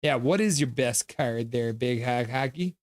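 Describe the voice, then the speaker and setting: A man's voice: mid-range voice, a little slow, dry recording, clean studio sound. Chatty man calling hockey live. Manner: jokey, chatty, reads viewer comments aloud. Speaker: live stream host. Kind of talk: live play-by-play and chat reaction.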